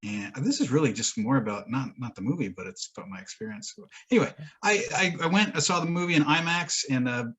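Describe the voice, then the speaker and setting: Husky man rambling through a story. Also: mid-range voice, animated, fast, few pauses, fairly bright tone. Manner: rambling storyteller, swears and laughs often. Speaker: podcast co-host. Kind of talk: casual chat.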